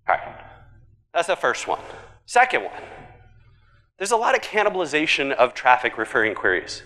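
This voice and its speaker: A man giving a conference keynote, talking in an animated, conversational way and tossing in jokey asides. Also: on the high side, normal speed, long pauses, in a large hall. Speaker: conference speaker. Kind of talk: keynote presentation. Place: large conference hall.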